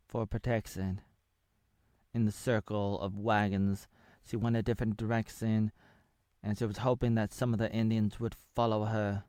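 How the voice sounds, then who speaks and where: Speaking in a lowish, darkish voice, a thirty-something man from Oregon in the USA wanders through a spoiler review of a TV series. He hops between recapping scenes and cracking jokes, breaking into half-sung bits and murmured asides. The recording is dry, clean and studio-quality.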